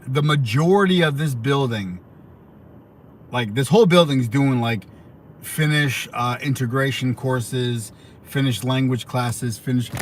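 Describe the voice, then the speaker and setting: A young American man chatting casually on a livestream, answering viewer questions in a rambling way full of fillers and restarts. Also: mid-range voice. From United States. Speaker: livestream host.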